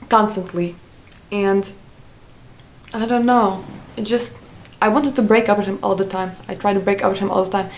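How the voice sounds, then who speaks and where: A woman's voice: mid-range voice, fairly even intonation, normal speed, low-quality recording. A woman telling a personal story in a vlog, talking hesitantly with many fillers and restarts. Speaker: vlogger.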